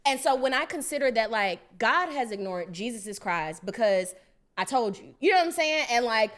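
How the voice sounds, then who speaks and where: Young woman cohost, cussing and animated, bit high voice, casual chat. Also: moderate pace. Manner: animated, profane storytelling. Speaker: podcast co-host.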